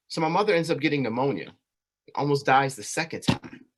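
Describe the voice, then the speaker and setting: A man's voice: mid-range voice, lively intonation, brisk, slight background noise. Earnest man telling his life story. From California. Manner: earnest, conversational, frequent "right?" and "you know". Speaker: community speaker. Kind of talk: personal storytelling presentation.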